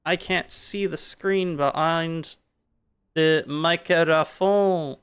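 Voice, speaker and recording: Male streamer, loose playful musing over gameplay, a touch high-pitched, smooth clean timbre. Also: steady tone, very slow, a bit bright. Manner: playful, musing, jumping between jokes and philosophy. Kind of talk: casual rambling chat while gaming.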